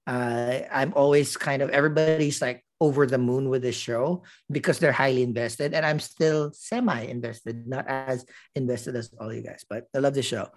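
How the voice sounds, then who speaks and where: A man co-hosting a laid-back podcast. He talks in a mid-pitched voice, circling his points with fillers and restarts. The tone is loose and conversational. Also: steady tone, moderate pace, few pauses. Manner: rambling, many fillers and restarts. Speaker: podcast co-host. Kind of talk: casual chat.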